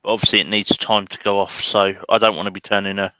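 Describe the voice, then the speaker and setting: A man's voice: lowish voice, little pitch movement, fast, pushed and bright, dry recording, poor audio. A man, a woodturner guest on a livestream, joking and chatty. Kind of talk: casual stream banter.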